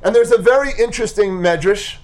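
A man teaching a Torah class, retelling a story with animated, emphatic delivery. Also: high-pitched, brisk.

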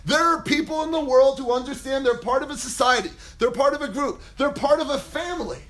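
A man with a very high voice delivers an animated Torah lecture. He acts out quotes dramatically, jumping between loud bursts and near-whispers. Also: a little fast. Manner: dramatic, acts out quotes, big swings in pitch and volume. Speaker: rabbi teaching a class.

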